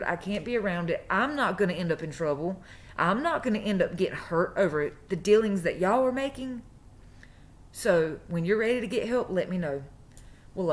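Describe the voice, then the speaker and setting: Woman telling a personal story. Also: fairly low pitch. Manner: emphatic, repeats phrases for stress. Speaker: true crime vlogger. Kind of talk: casual storytelling monologue.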